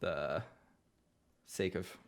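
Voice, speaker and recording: A man hosting a video game podcast in casual chat, animated and swearing freely, with frequent laughs. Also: low voice, extremely slow. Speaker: podcast host.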